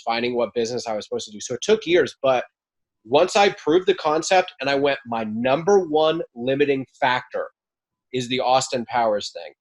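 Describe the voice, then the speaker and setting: A young man talks through his experience in a relaxed podcast interview. He speaks candidly, and he often doubles back and restarts a phrase mid-thought. His pitch sits in an ordinary middle range. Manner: candid, storytelling, frequent restarts. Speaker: podcast guest, mobile home park investor. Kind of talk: casual interview chat.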